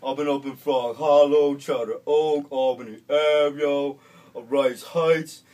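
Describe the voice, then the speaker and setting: A man voicing a brash young male street kid in a recovery group, talking in loud, drawling street slang. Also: medium pitch, steady tone, a little slow, lightly acted.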